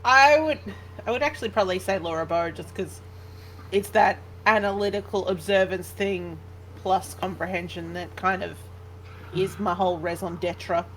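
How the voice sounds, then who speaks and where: A woman's voice: on the low side, moderate pace, fairly bright tone, slight background noise, low-quality recording. A woman on a casual panel chat, playful and goofy.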